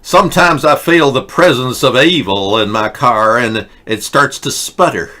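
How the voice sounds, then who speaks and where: A man with a bright, forward voice hosts a satirical politics show. He rambles through mocking, sarcastic rants at a middling pitch. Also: measured pace. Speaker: host.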